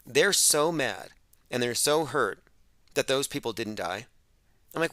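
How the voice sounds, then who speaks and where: Bright, sarcastic male radio host. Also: mid-range voice, expressive, a little slow, pauses often, no echo. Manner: emphatic, sarcastic. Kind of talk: open-phones radio monologue.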